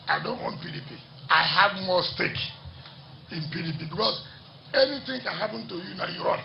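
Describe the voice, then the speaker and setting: A man's voice: high-pitched, vocal fry. A man gives a defiant political rally speech and repeats lines for emphasis. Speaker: politician addressing a party rally. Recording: dull echoey public-address sound, faint noise.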